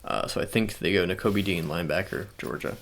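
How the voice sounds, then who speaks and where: A young man talks low and soft for an ASMR video, his voice gravelly with fry as he rambles through casual chat, full of fillers and restarts. Faint clicking sounds sit underneath him. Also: brisk, slight background noise. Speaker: ASMR channel host. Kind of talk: soft-spoken ASMR sports talk.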